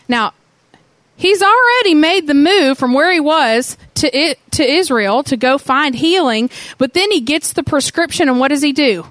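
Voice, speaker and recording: High-voiced woman preaching. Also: a little slow, no room sound. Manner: animated storytelling with rhetorical questions. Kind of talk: sermon.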